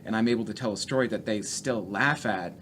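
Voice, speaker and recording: Talking a little fast in a lowish voice, a comedian recounts foul-mouthed road stories as a podcast guest. His manner is animated and profane, and there's slight background noise.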